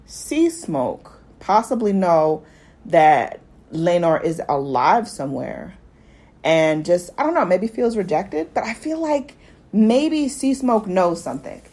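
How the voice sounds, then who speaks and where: A woman hosting a podcast, recapping a TV episode in loose, chatty talk and now and then playing out quick quoted lines. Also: mid-range voice. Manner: chatty and animated, jumps into quick acted quotes of characters. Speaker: podcast host. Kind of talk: casual TV recap chat.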